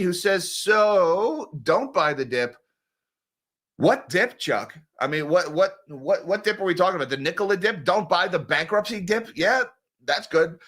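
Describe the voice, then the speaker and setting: A man's voice: fairly high pitch, sharp tone. A man hosting a casual livestream, talking bluntly and sarcastically with a sore throat, reading and answering viewer comments. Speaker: host.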